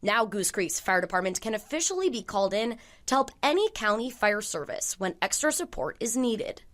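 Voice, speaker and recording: A woman reporter narrating a news investigation in a measured, formal delivery. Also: mid-range voice, sing-song, a bit bright. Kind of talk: scripted news narration and interview questions.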